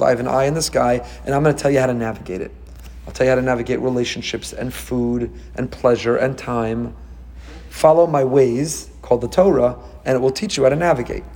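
New rabbi guy preaching, kinda high voice, fires off rhetorical questions, hebrew words mixed in. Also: husky. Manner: animated, rhetorical questions, mixes Hebrew terms. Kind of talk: sermon.

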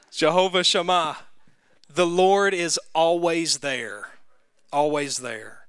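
A Southern man leads a Bible study in a bright, fairly high voice, throwing questions out to the group in a relaxed, conversational way. The sound is close and dry, with no room echo. He talks plainly and is quick to admit when he might be wrong. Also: smooth. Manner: conversational, quizzes the group, self-deprecating. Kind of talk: interactive Bible class teaching.

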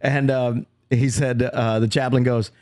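A man co-hosting a casual comedy podcast, telling relaxed stories with lots of fillers. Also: medium pitch, a little slow, a loud crowd. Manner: relaxed storyteller with fillers, laughs easily. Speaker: podcast co-host.

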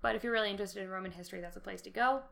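A young woman co-hosting a podcast in casual chat, animated and chatty, laughing often. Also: mid-range voice, racing, vocal fry. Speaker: podcast co-host.

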